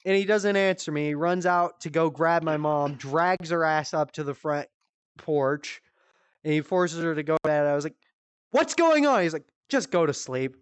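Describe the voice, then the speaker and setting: A woman hosting a comedy stream, telling a story in casual, animated style, swearing freely and jumping high for quoted voices. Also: normal speed, clean tone, no room sound. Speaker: comedy show host. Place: virtual-world live stream.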